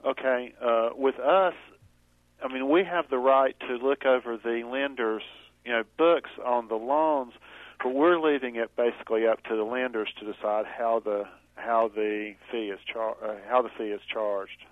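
A man's voice: medium pitch, moderate pace, dry recording. A man answers questions over a thin, tinny phone line. He hesitates and fills gaps with uh and you know. The sound is dry. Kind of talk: conference call answers.

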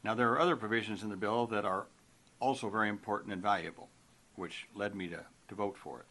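A middle-aged man, a senator, delivering a formal prepared statement in a measured, deliberate way with occasional hesitations. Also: fairly low pitch, bright, forceful tone.

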